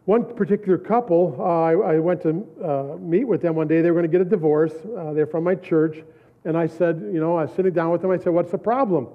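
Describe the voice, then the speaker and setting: A man's voice: a little high, fairly quick. A middle-aged man preaching a sermon, telling stories from his own life with repeated, emphatic phrases and frequent laughs. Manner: storytelling, repetitive emphatic phrasing, laughs often. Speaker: pastor. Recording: tinny phone-like recording.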